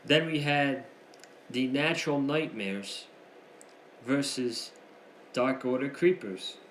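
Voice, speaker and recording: A man recapping the week's wrestling shows in a casual, excitable, chatty way. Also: mid-range voice, takes it slowly, roomy sound, slight background noise. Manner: excitable, chatty, slangy ("freaking"). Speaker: wrestling show reviewer.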